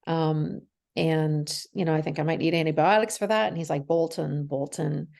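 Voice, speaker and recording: A woman in her forties speaks in a low, gravelly voice, telling a personal story as an interview guest. She is candid, acts out the dialogue, and laughs through the hard parts. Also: steady tone, moderate pace, darkish tone. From Canada.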